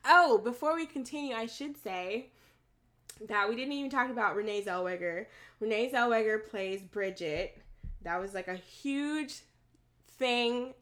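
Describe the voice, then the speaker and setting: A woman's voice: a little high, expressive, a little slow, fairly bright tone. A woman co-hosting a podcast in casual chat, laughing often and telling stories with animation. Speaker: podcast co-host.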